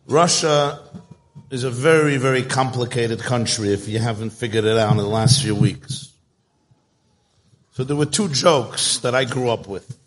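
A man giving a storytelling talk to a live audience, chatty and joke-telling, speaking straight to his listeners. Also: medium pitch.

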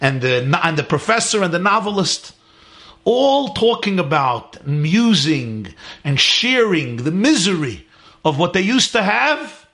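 A man's voice: high voice, very animated, unhurried, fairly bright tone. Male rabbi, sermon storyteller, emphatic and repetitive.

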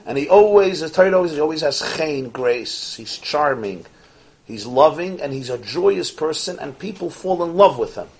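A man teaching a Torah class, animated, posing rhetorical questions and swinging from soft asides to emphatic peaks. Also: on the high side, moderate pace. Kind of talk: Torah lecture to an audience.

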